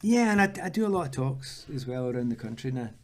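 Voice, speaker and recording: A Scottish man in his sixties, a former footballer, telling lively anecdotes in an interview and acting out the voices of the people he quotes. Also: medium pitch, fast talker, a crowd in the background. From Scotland.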